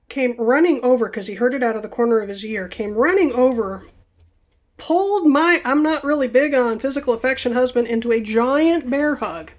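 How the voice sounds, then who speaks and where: A woman vlogger telling stories in a rambling, chatty way, stopping herself mid-thought while she works with her hands. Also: fairly high pitch. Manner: chatty, self-interrupting. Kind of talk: rambling casual storytelling.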